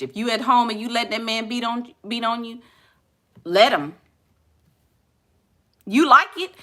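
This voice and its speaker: A woman's voice: medium pitch, fairly bright tone. A young woman with a Southern accent from Houston, chatting casually and bluntly with her viewers, laughing and reacting to their comments. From Houston, Texas. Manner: blunt, laughing, talks back to chat. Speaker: vlogger reading live comments. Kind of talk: casual chat.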